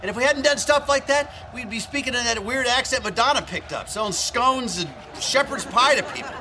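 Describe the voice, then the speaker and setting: A man playing a brash macho outdoor-store pitchman in a comedy ad sketch, blustering and mocking. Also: lively intonation, fairly quick, pushed and bright, slight background noise, heavily acted.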